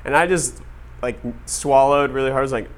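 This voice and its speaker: A man telling a story to an audience in a casual, animated way, full of "like" fillers. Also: mid-range voice, a little fast. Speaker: speaker addressing an audience. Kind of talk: storytelling talk to a live audience.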